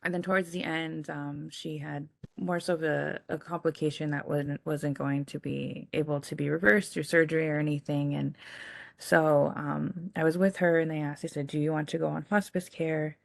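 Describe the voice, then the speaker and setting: Low, gravelly young woman sharing gently. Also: little pitch movement, no room sound, studio quality. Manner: soft, halting, with frequent fillers. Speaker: panelist. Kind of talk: reflective personal sharing.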